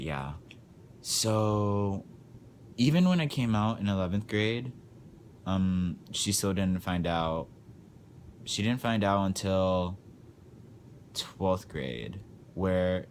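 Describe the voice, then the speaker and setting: Young adult male vlogger, low pitch, crude and blunt storytelling. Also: slight background noise. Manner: crude, swearing, filler-heavy, blunt. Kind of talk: casual storytime vlog.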